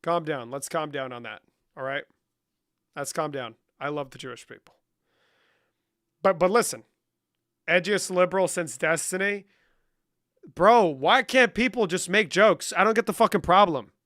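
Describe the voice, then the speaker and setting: A man's voice: a little high, moderate pace, pauses often, fairly bright tone, dry recording, clean studio sound. A young man hosting a livestream, reading chat questions and answering with profane, joking banter. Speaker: livestream host.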